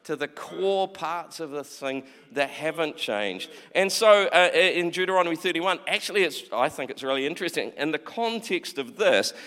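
In a hall with long, large reverb, a man delivers a conversational sermon, voicing the people he quotes and repeating himself. His voice is on the high side and fairly bright, with lively intonation, normal speed, and few pauses.

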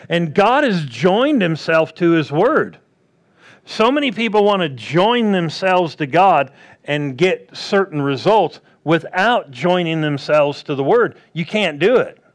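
A man preaching a sermon, acting out quoted voices and swinging between loud bursts and hushed asides. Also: on the high side, expressive, measured pace.

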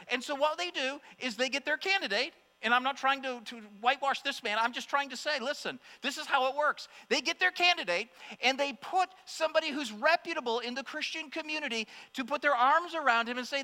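A man preaching a sermon to a congregation, impassioned, swinging between loud exclamations and hushed asides. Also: extremely high pitch, quick pace, few pauses. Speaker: pastor. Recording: long hall reverb with mains hum.

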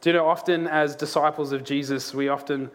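Animated pastor telling stories. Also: male voice, fairly high pitch, fairly quick. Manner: lively storyteller, laughs through anecdotes. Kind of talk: sermon with a humorous story. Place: church auditorium.

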